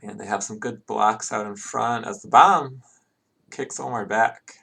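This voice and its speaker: A man's voice: lowish voice, a little slow, vocal fry, bright, forceful tone, husky. A man doing live play-by-play commentary on an online game, chatting casually between plays. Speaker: esports commentator.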